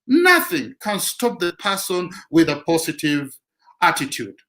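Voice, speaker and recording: A man's voice: a little high, wildly swooping pitch, unhurried, a bit bright, poor audio. A man giving a motivational talk who repeats his key lines for emphasis. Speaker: motivational speaker.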